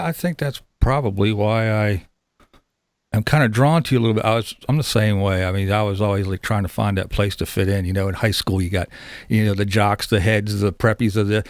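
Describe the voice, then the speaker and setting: A man's voice: lowish voice, fairly quick, dry recording, studio quality. A man hosting a casual interview, upbeat and chatty, laughing often and restarting his sentences. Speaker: interview host.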